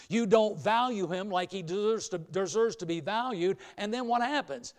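A man preaching a sermon to a hall audience in a folksy way, repeating phrases for emphasis and leading call-and-response. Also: sits high. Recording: long hall reverb.

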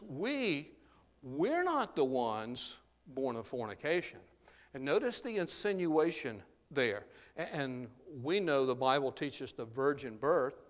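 A man preaching a sermon in an earnest way, often tagging his phrases with "uh" and "there". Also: medium pitch. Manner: earnest, frequent "uh" and "there" tags. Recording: long hall reverb.

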